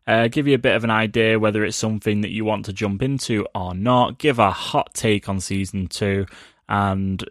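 A man hosting a casual pop culture podcast, chatty and quick to laugh, with lots of fillers. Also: on the low side, steady tone, no echo, clean studio sound. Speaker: podcast host.

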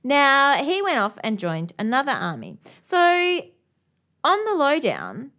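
Lively animated woman storyteller. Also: high-pitched, takes it slowly. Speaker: podcast co-host telling a history story. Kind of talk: casual storytelling chat.

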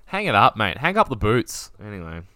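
Man with a low voice and a dry, close sound, co-hosting a podcast, animated and joking. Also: a little fast, dry recording. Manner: animated, joking, swears freely. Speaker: podcast co-host. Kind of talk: casual chat.

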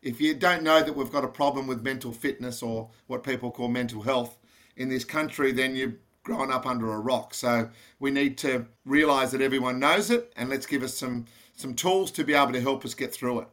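A man's voice: mid-range voice, fairly even intonation, brisk, a bit bright. Passionate Australian man, direct talk. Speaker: podcast guest, charity founder. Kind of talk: casual interview talk.

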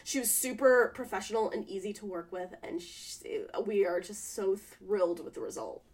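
A woman co-hosting a podcast in casual chat, sounding nasal from a cold and talking in animated bursts with fillers. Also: mid-range voice, normal speed, breathy edge. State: sick and nasal. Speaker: podcast co-host.

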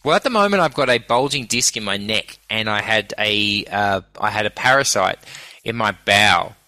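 An Australian man chats as an interview guest, his lowish voice cutting through with a tense, sharp brightness. He talks animatedly and drifts into sweary rants. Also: moderate pace, low-quality recording. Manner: animated, ranting, swears freely. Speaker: guest, comedian and broadcaster. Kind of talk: casual interview chat.

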